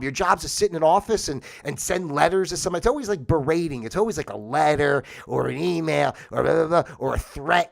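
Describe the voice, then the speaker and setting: A man hosts his own livestream in a heated, rambling monologue, swearing freely as he goes. His voice sits a little high for a man. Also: fast talker, gravelly, few pauses. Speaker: livestream host.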